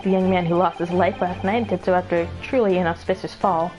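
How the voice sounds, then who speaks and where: A woman's voice: on the low side, steady tone, fairly quick, natural voice. A woman voicing a confident, theatrical male detective who lays out his case in a grand, lecturing way. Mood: triumphant. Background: game music.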